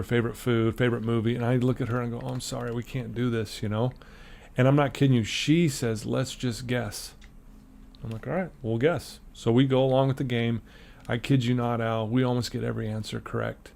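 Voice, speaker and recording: Gravelly man telling a story. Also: mid-range voice, fairly quick. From Utah, USA. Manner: animated storyteller, acts out quoted voices. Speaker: podcast guest. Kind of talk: storytelling in a casual interview.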